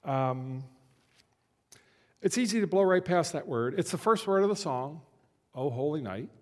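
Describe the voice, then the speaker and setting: A man giving a conversational Christmas sermon as a pastor, slowing down to stress key words. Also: fairly high pitch, animated, a little mellow. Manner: conversational, slows down for emphasis. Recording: long hall reverb.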